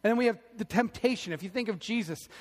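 A male pastor preaching a sermon in a church, telling animated stories and delivering lines with emphasis. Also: high-pitched, fast talker, big-room sound. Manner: animated storytelling, emphatic, acts out quotes.

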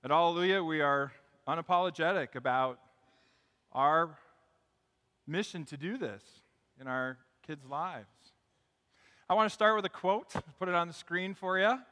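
A male pastor speaks in a bright, slightly raised voice, relaxed and conversational as he tells jokes and stories. His words hang in the long reverb of a church sanctuary. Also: a little high, a little slow, long pauses. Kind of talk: sermon.

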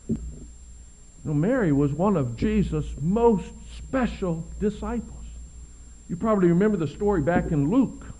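The audio is dull as a male preacher delivers an expressive sermon, dipping into quiet lows, surging to loud peaks, and slowing his pace to stress key words.

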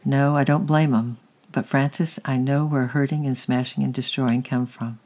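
A reader voicing a kind, patient aunt who gently comforts and coaxes a child and preaches a little. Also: mid-range voice, fairly even intonation, normal speed, lightly acted. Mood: gently preaching.

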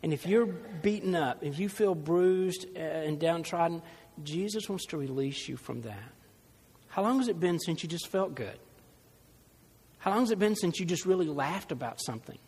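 A man's voice: fairly high pitch, animated, moderate pace, darkish tone, breathy edge, in a large hall. A man preaching a sermon as pastor, conversational, with humorous asides and stories.

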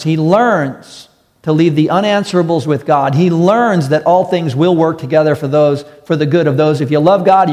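A man's voice: fairly high pitch, a little mellow. A man preaching a sermon to a congregation, earnest and storytelling, repeating key phrases for emphasis. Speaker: pastor. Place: church hall with audience. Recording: long hall reverb.

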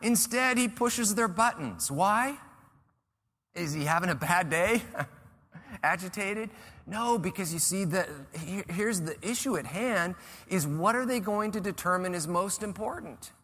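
A male pastor preaching a conversational, animated sermon and acting out the people he describes. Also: high-pitched, unhurried. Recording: reverberant church hall.

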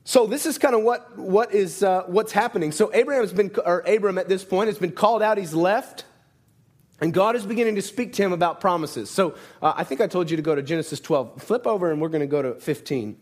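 A man's voice: sits high, a little fast. A man preaching a sermon in a conversational way, often asking "right?" and restarting his sentences. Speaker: pastor.

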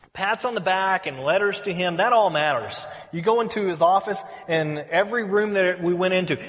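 A man's voice sits high for his sex as he preaches in a church hall, where a long echo trails behind his words. He is a middle-aged pastor who tells stories with playful humor. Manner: storytelling, acts out quotes with playful humor. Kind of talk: sermon. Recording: reverberant hall.

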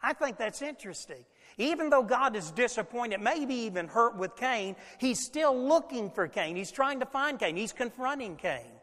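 Male pastor, high voice, lively folksy sermon delivery, long hall reverb. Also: normal speed. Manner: animated preaching with folksy asides.

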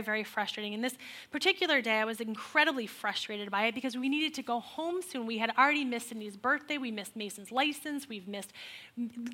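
A woman in her forties tells an audience her personal faith testimony as humorous storytelling. Her bright, fairly high voice is animated and exasperated, and she takes on the voices of the people in her story.

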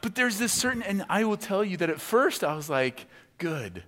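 A man's voice: sits high, expressive, fairly quick, fairly bright tone. A man giving a sermon as a conversational story, with many fillers and acted-out quotes. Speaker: pastor. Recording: long hall reverb.

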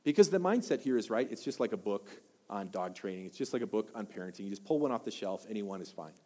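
A Wisconsin pastor delivers a sermon in a large hall, his male voice fairly low-pitched and fast. He's an animated storyteller who keeps putting questions to the crowd.

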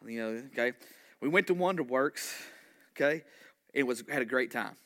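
A man, a pastor telling a story in a sermon, animated and conversational, full of asides. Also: mid-range voice, normal speed.

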